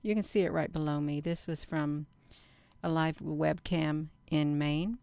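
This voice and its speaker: Low gravelly woman rambling to viewers. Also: steady tone, dark tone, dry recording. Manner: slow, earnest, addresses viewers as "you all". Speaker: channel host. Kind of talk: rambling casual monologue.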